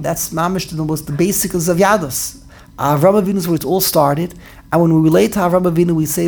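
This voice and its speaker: A woman's voice: on the low side, fast talker, vocal fry, darkish tone. A woman teaching a Bible class in an earnest, explaining way, often repeating and restarting her phrases. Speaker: Torah teacher.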